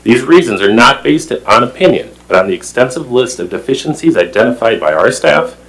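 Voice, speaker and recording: A man reads a prepared statement at a town meeting, emphatic and formal. His voice is husky, and his pitch rises and falls a lot. He trips over a word here and there. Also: very animated, brisk, fairly bright tone, rough recording. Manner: formal, emphatic, stumbles over words now and then. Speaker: plan commission member.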